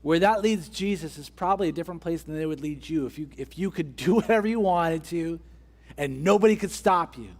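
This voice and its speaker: A man's voice: on the high side, fairly quick. A man preaching a sermon as pastor, driving his point home with repeated rhetorical questions and building emphasis.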